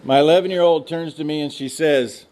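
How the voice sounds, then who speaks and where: A middle-aged man from the United States tells ranch stories to a room of students in a folksy, joking way. His voice sits a little high for a man. He speaks as a guest speaker in a lecture room. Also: brisk, a little mellow. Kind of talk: storytelling talk to students.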